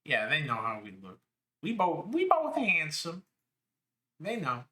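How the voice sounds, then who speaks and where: A man's voice: a little high, huge pitch swings, unhurried, a crowd in the background. A man co-hosting a podcast, doing a comedic reading of a crude novel and laughing as he goes. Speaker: podcast co-host.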